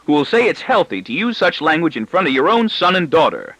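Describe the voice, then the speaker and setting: A man voicing a prim, disapproving middle-aged wife in an audiobook, speaking slowly with exaggerated politeness. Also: fairly high pitch, very animated, fairly bright tone, dry recording, pitched above the performer's own voice, heavily acted, low-quality recording. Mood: primly disapproving.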